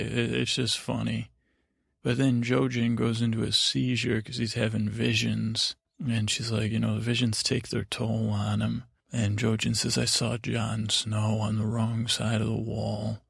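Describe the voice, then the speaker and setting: A man's voice: medium pitch, creaky, husky, dry recording, studio quality. A man hosting a podcast, rambling through a drowsy, meandering recap full of fillers and asides. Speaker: podcast host.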